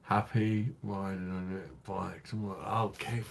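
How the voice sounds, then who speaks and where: A man's voice: lowish voice, a little slow, gravelly, hardly any pauses, slight background noise. A tipsy man hosting a late-night live stream, talking in crude, rambling, affectionate chat to his viewers.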